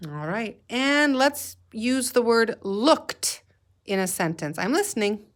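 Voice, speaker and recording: A woman's voice: on the high side, big pitch swings, slow. A woman teacher leading a guided reading lesson for young children, patiently sounding out letters and words.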